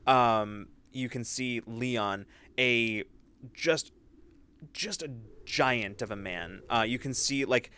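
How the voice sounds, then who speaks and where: A man runs a tabletop game, describing scenes at length with lots of "um" and "like". His voice is smooth and clear. He sits at a home mic on a voice call. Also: medium pitch, pushed and bright. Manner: rambling, many fillers and restarts. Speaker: game master.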